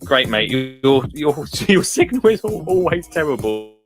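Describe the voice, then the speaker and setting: A man's voice: a little high, very animated, a little slow, music in the background. Rambling, chuckling man hosting. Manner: rambling, chuckling, self-mocking. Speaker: host of a live gardening call-in show. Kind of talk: casual live show chat.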